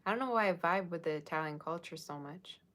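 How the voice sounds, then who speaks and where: A woman's voice: lowish voice, fast talker, background noise. A woman giving a casual, rambling livestream tarot reading, chatting with viewers and thanking them by name. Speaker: tarot reader.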